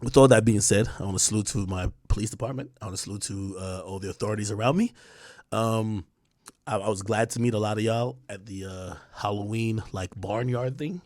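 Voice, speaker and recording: A man's voice: on the low side, a little fast, no room sound, studio quality. A man in his thirties hosting a livestream, talking straight to his chat in an emphatic, repetitive and defiant way with plenty of profanity. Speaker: streamer host.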